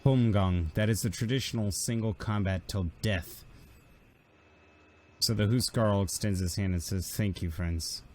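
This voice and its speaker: Man, game master, fairly low voice, relaxed, explanatory, tabletop game. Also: moderate pace, long pauses, a little hiss or hum.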